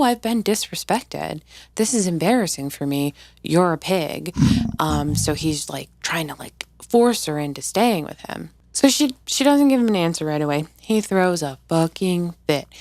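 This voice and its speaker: A woman hosting a casual recap video, talking in an animated, blunt and profane way. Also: lowish voice, dry recording. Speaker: video host.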